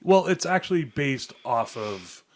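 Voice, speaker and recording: A man's voice: mid-range voice, very animated, unhurried. A man co-hosting a casual podcast, meandering through made-up stories with lots of ums and uhs. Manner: meandering, tells made-up stories with many fillers. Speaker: podcast co-host. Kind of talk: casual rambling chat.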